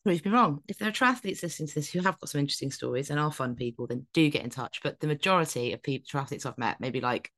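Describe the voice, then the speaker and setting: Deep-voiced woman rambling and joking on a podcast, swoops up and down a lot. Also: lively intonation, fast, hardly any pauses, fairly bright tone. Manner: jokey, rambling, self-mocking. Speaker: podcast co-host. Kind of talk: casual chat.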